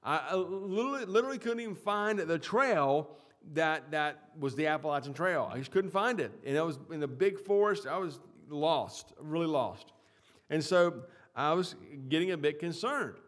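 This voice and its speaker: Emphatic man preaching a sermon. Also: a little high. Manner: emphatic preaching with swings in loudness and pauses; repeats words and restarts phrases. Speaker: pastor.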